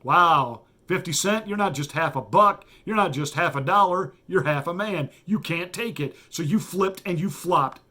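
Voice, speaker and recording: A man's voice: fairly high pitch, moderate pace, few pauses, bright, forceful tone. A man, a pastor who hosts his own show, delivering a combative and mocking political commentary monologue with heavy emphasis.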